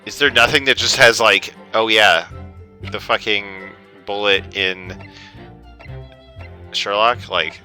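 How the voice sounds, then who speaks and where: A man's voice: lowish voice, steady tone, slow pace, pauses often, sharp tone, faint music behind. A man hosting a let's play, chatting casually, joking and swearing freely. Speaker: game player and host.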